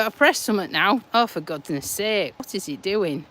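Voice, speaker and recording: A woman's voice: mid-range voice, lively intonation, moderate pace, a bit bright. An English woman chatting to her live viewers while she walks along a roadside footpath, teasing and laughing often, a little out of breath, speaking into a hand-held phone. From England. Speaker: vlogger. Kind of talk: casual live-stream chat. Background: passing traffic.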